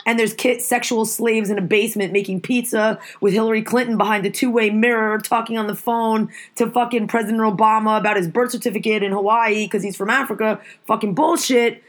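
A woman's voice: on the high side, fairly even intonation, fairly quick, few pauses. A woman hosting a podcast, ranting heatedly and swearing often. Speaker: podcast host. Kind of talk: casual podcast rant.

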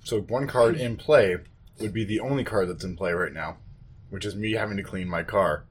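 A man co-hosting a podcast in casual chat, playful and animated and quick to laugh. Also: lowish voice, slightly rough. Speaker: podcast co-host.

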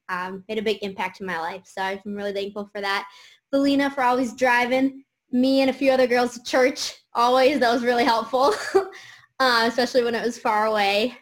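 A young woman giving heartfelt shout-outs to friends over a video call, grateful and halting, with many fillers. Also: a little high. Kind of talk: heartfelt casual tribute.

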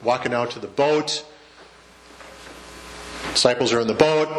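Man, pastor, casual sermon in a church, joking asides, mid-pitched voice, faint background hum. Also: measured pace. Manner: conversational preacher, asks the congregation questions and jokes. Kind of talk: sermon to a live congregation. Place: church sanctuary.

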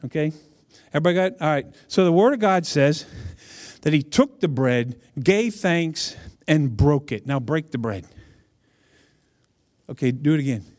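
A man's voice: on the high side, expressive, normal speed, long pauses, darkish tone. A man preaching a casual, conversational sermon, chatty and humorous, speaking directly to his audience.

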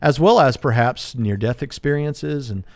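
A man in his forties hosting a livestream debate discussion, talking quickly with many fillers and restarts. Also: mid-range voice, no room sound. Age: 40s. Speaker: host.

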